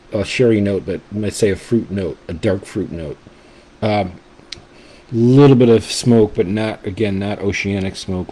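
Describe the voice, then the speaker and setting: Low, mellow-voiced enthusiastic man. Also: slight background noise, rough recording. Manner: enthusiastic and rambling, with frequent restarts. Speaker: whisky reviewer and channel host. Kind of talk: casual tasting review.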